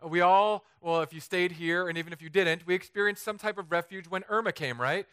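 A man from Southern California preaching a humorous storytelling sermon, animated and self-mocking, acting out the voices he quotes. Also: high voice, a little fast, smooth, no room sound. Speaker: pastor.

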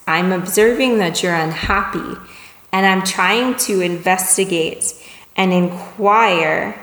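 A woman's voice: mid-range voice, takes it slowly. Woman teaching in an echoey hall. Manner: conversational, checks in often with "right?" and "okay?"; acts out little dialogues in lively voices. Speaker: communication teacher. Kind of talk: spoken lesson on empathetic listening. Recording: echoey room with long reverb.

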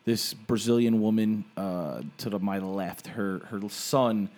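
A man's voice: fairly low pitch, steady tone, measured pace, a little mellow. A man telling a rambling, profane story in casual podcast chat.

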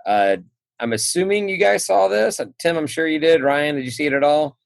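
A man's voice: fairly high pitch, a little fast, vocal fry, no room sound. A man hosting a casual podcast chat, steering topics and laughing often. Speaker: podcast host.

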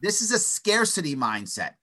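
A man holds forth as an interview guest. He argues eagerly, stumbling into restarts and checking in with quick "right?" tags. His voice sits high and bright, and it swings widely in pitch. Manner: animated, stutters restarts, frequent "right?" tags. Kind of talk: opinionated conversational monologue.

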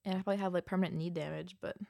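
A woman's voice: on the low side, fairly even intonation, racing, gravelly, dark tone, no room sound. A young woman telling a friend a long story in casual chat, rambling with lots of fillers. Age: young adult. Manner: rambling, many fillers, acts out quoted voices.

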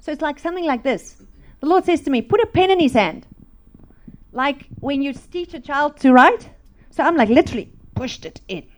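Lady preaching a testimony, high voice, does all the voices, laughs a lot. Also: lively intonation, fairly quick, few pauses. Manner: storytelling, acting out voices, laughing. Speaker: speaker at a church. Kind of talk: testimony sermon.

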